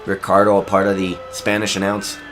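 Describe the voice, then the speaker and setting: A man giving excitable play-by-play commentary over a wrestling video game, his voice going hoarse. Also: on the low side, fairly quick. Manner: excitable, shouts at big moves.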